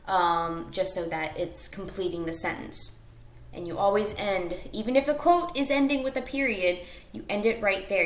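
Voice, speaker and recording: A woman's voice: mid-range voice, a bit bright, echoey room. A woman teacher talking through a recorded class lesson step by step, with fillers and self-corrections.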